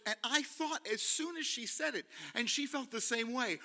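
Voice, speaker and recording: A man telling a story live to an audience in a hall, animated and leading them in call-and-response. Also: very high voice, brisk, gravelly, few pauses.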